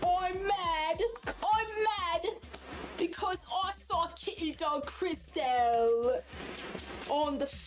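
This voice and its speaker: A woman voicing a gushing, starstruck young fan who stammers with excitement. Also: on the high side, slow pace, soft background music. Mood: frantic.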